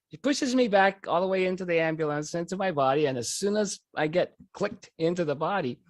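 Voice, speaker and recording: A man telling a personal story in an animated way, often breaking into laughter. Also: on the high side, normal speed, dry recording, clean studio sound. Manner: lively, animated delivery.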